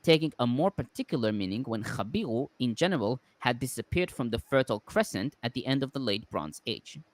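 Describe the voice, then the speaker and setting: Man, commentary reader, scholarly, animated intonation, dry recording. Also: mid-range voice, a little fast, no echo. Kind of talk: reading a commentary aloud.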